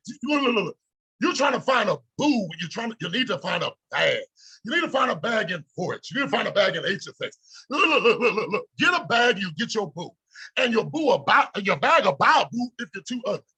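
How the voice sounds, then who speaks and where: A man's voice: high voice, sing-song, brisk, sharp tone, breathy edge. A middle-aged man giving a fired-up motivational talk to an online audience, preachy and boastful, repeating phrases and bursting into laughter. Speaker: motivational speaker.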